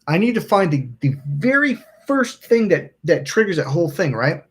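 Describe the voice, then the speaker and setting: A man's voice: sits high, sing-song, normal speed. A man hosting a self-help channel, telling a story in a rambling, casual way, acting out quotes and swearing now and then. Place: indoors by a smoking candle.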